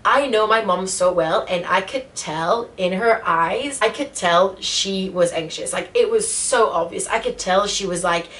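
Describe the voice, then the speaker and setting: A woman's voice: mid-range voice, measured pace, few pauses, a bit bright. A woman vlogger telling a personal story in a casual storytime vlog, emotional and full of fillers. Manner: emotional retelling, many fillers.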